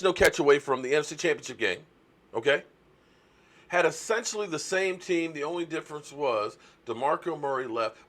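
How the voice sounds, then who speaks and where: Animated man ranting about football. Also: fairly high pitch. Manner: animated, indignant, rambling with restarts. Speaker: sports talk host. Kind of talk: casual sports rant.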